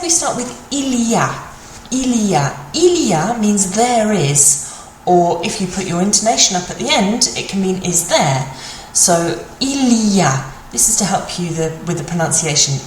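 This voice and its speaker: A woman's voice: on the low side, a little hiss or hum. Patient woman teaching French, echoey room. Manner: clear, patient, repeats phrases slowly. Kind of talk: beginner language lesson.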